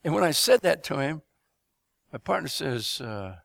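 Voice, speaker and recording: A man's voice: on the high side, normal speed, creaky. A middle-aged man preaching a testimony sermon, telling stories with laughter and asking the audience questions. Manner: animated storyteller, laughs, asks audience.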